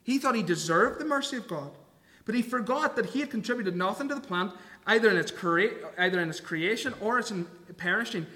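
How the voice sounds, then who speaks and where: A man's voice: high voice, lively intonation, a little fast, bright, forceful tone, big-room sound. A man preaching a sermon, earnest and emphatic, reading scripture aloud and explaining it.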